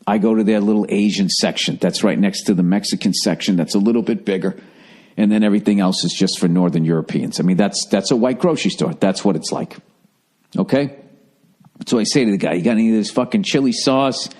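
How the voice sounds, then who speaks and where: A man in his fifties with a Boston accent, hosting a podcast and telling a profane, animated comedic story. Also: on the low side, fairly quick. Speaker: podcast host. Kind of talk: casual comedic monologue.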